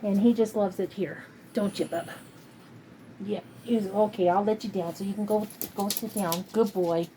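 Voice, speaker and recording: A woman in her fifties from California talks in a rambling, heartfelt way, full of fillers, for a casual personal vlog on her crochet channel at home. Her mid-range voice is warm, with fairly even intonation and a moderate pace. The home recording is noisy.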